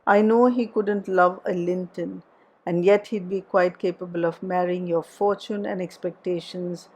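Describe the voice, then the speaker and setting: A woman's voice: lowish voice, steady tone, unhurried, a little mellow. A woman reading aloud, voicing an imperious young lady who scolds in a raised, emphatic voice. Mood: scornful. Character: imperious young lady, scornful and sharp-tongued.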